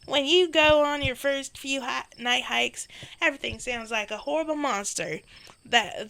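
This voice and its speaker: A woman's voice: fairly high pitch, creaky, pushed and bright, exaggerated voice. Woman putting on a chatty southern woman guide. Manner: chatty, reassuring, inquisitive.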